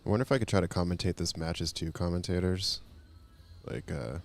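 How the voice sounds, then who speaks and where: A man commentating a pool match on his own late at night, rambling and self-mocking, keeping his voice soft. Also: fairly quick, creaky, faint music behind. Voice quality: fake accent put on at times. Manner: keeps voice soft and low. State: tired after a long day.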